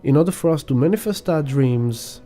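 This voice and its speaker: A man's voice: on the high side, expressive, normal speed, mellow, faint music behind. A man giving a rambling spiritual astrology talk, casually swearing and acting out examples. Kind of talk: spiritual teaching monologue.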